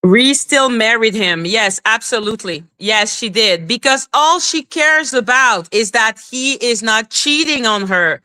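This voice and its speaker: A woman with a bright, slightly high voice gives casual commentary. She is sarcastic and swears freely. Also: expressive, unhurried, hardly any pauses. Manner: sarcastic, profane.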